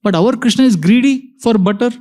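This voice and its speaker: A high-pitched man delivers a devotional lecture to a live audience. He tells stories, slipping into the voices of the characters he quotes, and stretches out phrases he wants to land. His tone is that of a patient spiritual teacher. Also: darkish tone. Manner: storytelling, acts out quoted dialogue, slows for emphasis.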